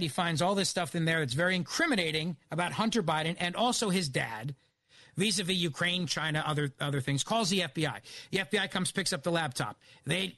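A man's voice: high-pitched, a bit bright, dry recording. A man filling in as a radio host, delivering an opinionated monologue in an emphatic, argumentative way with many rhetorical questions, on a studio microphone. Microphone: studio broadcast microphone.

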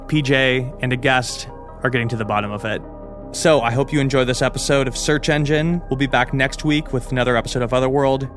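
Guy hosting a podcast, reading the intro upbeat and friendly, soft music under it. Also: medium pitch. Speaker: podcast host. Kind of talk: scripted show introduction.

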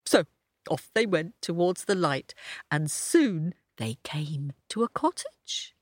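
Expressive woman storyteller for children, lively pitch, dry close sound. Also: slow, no room sound. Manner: expressive, sing-song. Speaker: storyteller host.

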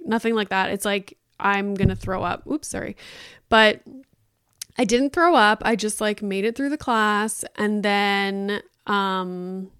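A woman podcast host in her thirties chats casually and swears freely, acting out her own reactions as she talks. Her voice is smooth and clear, at a middling pitch. The recording is close and dry, with no room sound. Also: no echo. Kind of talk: casual solo podcast chat.

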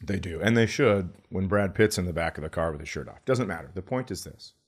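A man co-hosting a comedy podcast, telling a profane travel story with loud impressions. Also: sits low, fast. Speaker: podcast co-host.

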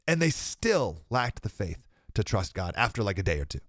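A young man gives an emphatic preaching monologue as a podcast host, his pitch leaping high and dropping low as he drives each point home. He sounds slightly sick with a cold and laughs briefly between thoughts. The recording is close and dry, with no room sound. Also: sing-song, moderate pace, dry recording.

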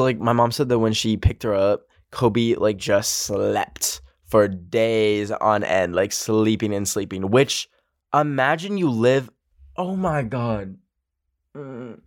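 A man's voice: medium pitch, no room sound, clean studio sound. A young man hosting a podcast, telling a story in a casual, emotional way, full of "like" fillers. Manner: chatty, filler-heavy with frequent "like", emotional. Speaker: podcast host.

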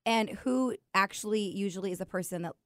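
A woman's voice: mid-range voice, a little fast, fairly bright tone, dry recording, studio quality. A woman hosting a podcast in casual chat, telling stories and teasing her husband. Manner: chatty, teasing, storytelling. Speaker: podcast host.

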